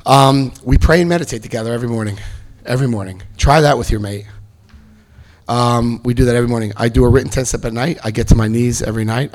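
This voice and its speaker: A middle-aged man telling his recovery story to an audience, acting out the voices of the people in it. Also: mid-range voice. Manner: animated storyteller acting out quotes. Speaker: speaker sharing recovery story. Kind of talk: personal testimony to an audience.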